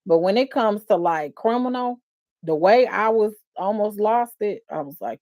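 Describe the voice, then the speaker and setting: Speaking at a moderate pace in a mid-range voice, a woman who streams live and works as a defense attorney comments on a court case. Her talk is emotional and expressive, with many sighs between thoughts.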